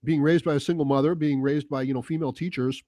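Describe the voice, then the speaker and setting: A man's voice: on the high side, fairly even intonation, fast talker, dark tone. A man hosting his own vlog, talking off the cuff in a blunt, sarcastic, rambling manner. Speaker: host. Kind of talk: opinion rant vlog.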